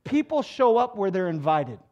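A male pastor preaching a sermon in an animated, joking way, swinging from low asides to loud exhortation. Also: moderate pace, dull audio.

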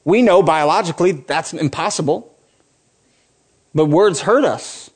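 A man in his forties preaching a sermon in a voice pitched high for a man. He delivers it with passion and climbs to emphatic, ringing peaks. He slips easily into joking asides with the congregation. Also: a little slow, husky. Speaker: pastor.

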